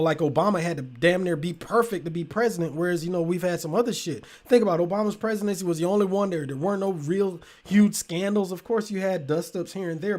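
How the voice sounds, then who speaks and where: High-voiced man ranting heatedly. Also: darkish tone. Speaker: show host. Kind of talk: casual podcast commentary.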